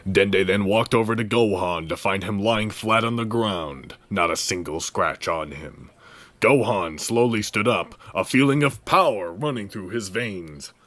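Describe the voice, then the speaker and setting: A man with a fairly low voice narrates fan fiction aloud as the host of a comedy podcast. His reading is wry and deadpan, steady and dry. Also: a little slow, dry recording.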